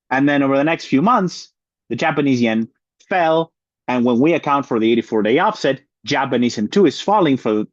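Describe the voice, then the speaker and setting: A man's voice: medium pitch, dry recording, dull audio. A man working as a market analyst, talking through charts in a weekly update, often repeating and rephrasing his points.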